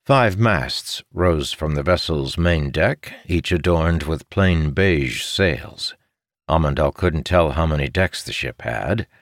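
A man narrating a fantasy audiobook in an expressive storytelling manner. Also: very deep voice, takes it slowly, slight background noise.

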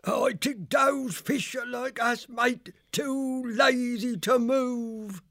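A man's voice: extremely high pitch, fairly even intonation, slow, sharp tone, no room sound, clean studio sound, pitched above the performer's own voice, heavily acted. A man voicing a lazy, cowardly male ferret deckhand in an audiobook, with a whiny, common-speaking manner. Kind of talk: audiobook character voice.

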